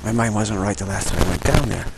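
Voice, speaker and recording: A low, gravelly male voice wanders through an informal spiritual talk and slips into acted-out dialogues. Loud noise runs under everything. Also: fast. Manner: rambling, acts out dialogues. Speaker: spiritual teacher.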